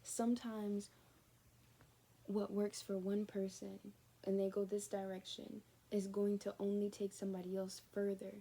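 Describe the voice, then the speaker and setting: Mellow-voiced woman giving a spiritual reading. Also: medium pitch, breathy edge. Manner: rambling and conversational, often dropping to a near-whisper. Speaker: spiritual card reader. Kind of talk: casual spoken reading to viewers.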